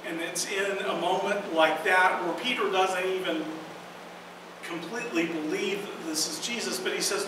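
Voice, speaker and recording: A woman pastor preaching a sermon in a church, earnest and emphatic, with slow dramatic pauses. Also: lowish voice, steady tone. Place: church sanctuary. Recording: echoey hall from far off, noisy.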